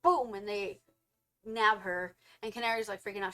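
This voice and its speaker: A young woman co-hosting a casual film review, retelling the plot with animated storytelling and quick acted-out quotes of the characters. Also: mid-range voice.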